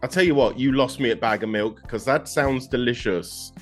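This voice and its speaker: A man's voice: medium pitch, moderate pace, soft background music. A man interviewing a guest, joking and playful in his questions.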